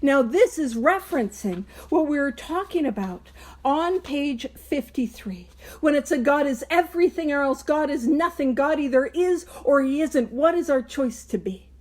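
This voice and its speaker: A woman's voice: sits high, lively intonation, normal speed, a little mellow. A woman hosting a recovery book study, teaching in a casual spoken way, earnest and emphatic, with small chuckles between phrases.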